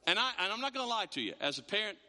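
Animated male preacher in a reverberant hall. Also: high-pitched, racing. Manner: animated, repeats words, acts out quotes. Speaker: pastor. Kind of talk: sermon.

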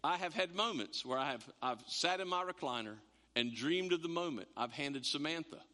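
A man preaching a sermon as pastor, animated, repeating words and acting out quotes. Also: fairly high pitch, moderate pace. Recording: long hall reverb.

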